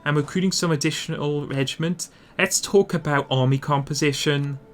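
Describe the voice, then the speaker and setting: A man with a fairly high pitch and fairly even intonation talks at a normal speed as he guides viewers through a strategy game. His instructional commentary explains his plans while he thinks aloud and self-corrects.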